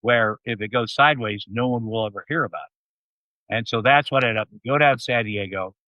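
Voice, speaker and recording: A man's voice: mid-range voice, fairly quick, dry recording. Rambling storytelling man in his sixties. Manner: rambling anecdotes with many fillers. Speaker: interview guest. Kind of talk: casual storytelling. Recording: dull, slightly muffled audio.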